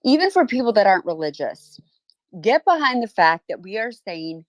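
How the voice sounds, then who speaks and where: A woman's voice: medium pitch, very animated, moderate pace, no echo. A woman hosting a podcast, talking in an emphatic, impassioned way. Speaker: podcast host. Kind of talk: casual chat.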